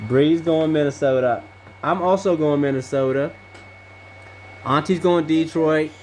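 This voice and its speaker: A woman hosting a casual family podcast, briskly calling on each person and repeating their picks back. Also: low-pitched, darkish tone, a little hiss or hum. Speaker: podcast host.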